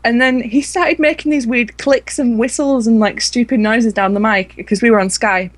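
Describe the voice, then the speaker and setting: A fairly high-voiced woman tells a lively gaming anecdote in casual podcast chat. Her voice sounds close and dry. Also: moderate pace, no room sound. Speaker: podcast guest.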